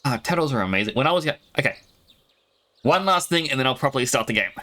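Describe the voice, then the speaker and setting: A man's voice: mid-range voice, fast talker. A young Australian man, a VTuber streamer, chatting casually and telling rambling stories while he plays a game. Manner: animated rambling storytelling with laughs.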